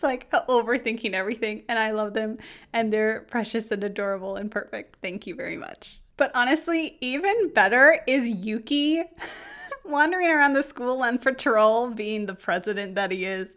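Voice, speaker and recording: A young woman hosting a casual anime review vlog, bubbly and giggly, rambling excitedly with lots of fillers. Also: on the high side.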